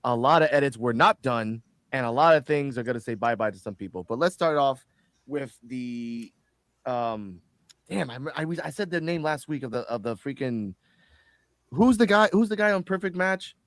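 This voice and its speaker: A man hosting a casual wrestling review show, rambling and animated, often stumbling over his words. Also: medium pitch, normal speed, no echo. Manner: animated, rambling, quotes wrestlers in mock voices. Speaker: podcast host.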